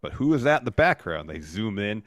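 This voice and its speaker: A man's voice: lowish voice, sing-song, brisk, a bit bright, no echo, studio quality. A man co-hosting a podcast, narrating events play by play and hamming up quoted lines. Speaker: podcast co-host. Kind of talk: casual recap chat.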